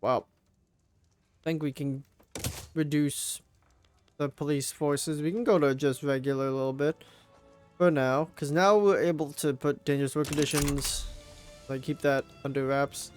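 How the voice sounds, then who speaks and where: A man's voice: fairly high pitch, fairly even intonation, a little slow, pauses often, soft background music. A young man commenting on his strategy game, groaning, swearing and pleading at it as things go wrong. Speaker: gameplay commentator.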